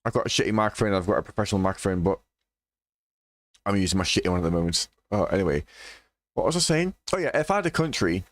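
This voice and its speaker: A man reacts to a clip in sweary, mocking commentary, his pitch bouncing around as he talks. He is recorded on a cheap, dry-sounding home microphone. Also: lively intonation, fast talker, no room sound. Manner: sweary, mocking, laughs often.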